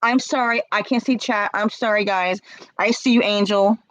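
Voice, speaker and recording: A woman in her forties talking to her livestream chat while crying, confrontational and tearful, sometimes breaking into shouts. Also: medium pitch, moderate pace, no room sound, rough recording. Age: 40s. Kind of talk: emotional livestream rant.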